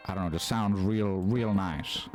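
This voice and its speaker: A man's voice: low voice, a little slow, soft background music. A man giving casual commentary while he builds in a video game, rambling and amused at himself.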